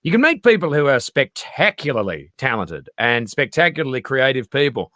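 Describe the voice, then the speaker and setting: A middle-aged Australian man, a comedian guest in casual chat, animated and swearing freely as he acts out little voices. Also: mid-range voice, normal speed, no room sound, studio quality.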